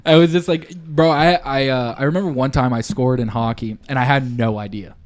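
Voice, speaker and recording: A man's voice: medium pitch, fairly even intonation, fairly quick. Young man, podcast co-host, casual chat, rambling storyteller, slangy and sweary.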